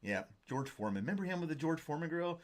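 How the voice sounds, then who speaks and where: Rambling, jokey host. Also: male voice, fairly high pitch, animated, rapid-fire. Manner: rambling, jokey, reads viewer comments. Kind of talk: casual live-stream chat.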